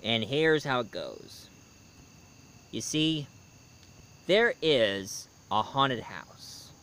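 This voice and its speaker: A man telling a scary story to his listeners, dramatic, swinging between loud and hushed lines. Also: mid-range voice, expressive, drawn-out words, clean tone. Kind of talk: spooky storytelling.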